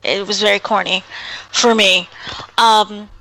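A woman's voice: mid-range voice, fairly even intonation, measured pace, creaky, pushed and bright, low-quality recording. A woman co-hosting a casual talk show, giving her opinion with frequent hesitant ums. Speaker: co-host. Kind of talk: casual chat.

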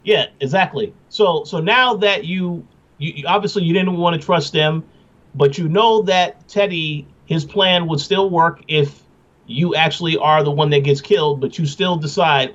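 A man's voice: on the high side, moderate pace, fairly bright tone. A man co-hosting a casual recap chat, rambling and repeating words as he thinks. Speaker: podcast co-host. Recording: dull lo-fi sound.

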